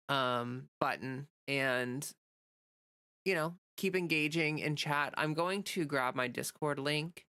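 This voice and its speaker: A woman's voice: low voice, measured pace, bright, forceful tone, dry recording, clean studio sound. A young woman hosting a casual livestream chat, rambling through fillers and restarts while reading out and answering viewers' comments. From United States. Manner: reads chat comments aloud and greets viewers. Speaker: livestream host.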